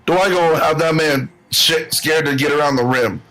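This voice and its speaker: A man's voice: on the high side, moderate pace, bright, forceful tone, poor audio. A man co-hosting a casual sports podcast, brash and boastful, trash-talking and daring others to argue. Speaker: podcast co-host.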